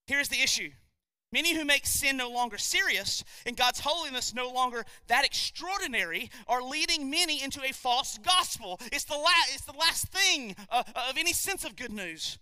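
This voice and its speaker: A male pastor preaches an emphatic sermon and keeps pressing his listeners with rhetorical questions. His voice sits high and sounds sharply bright. The recording is dry and close, with no room sound. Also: expressive, normal speed, clear, resonant tone, dry recording.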